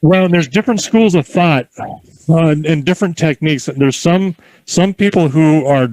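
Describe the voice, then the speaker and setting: A man giving calm, encouraging instructions in an outdoor horse corral, mixing in folksy stories. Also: fairly high pitch, moderate pace, dry recording, poor audio. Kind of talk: outdoor coaching with anecdotes.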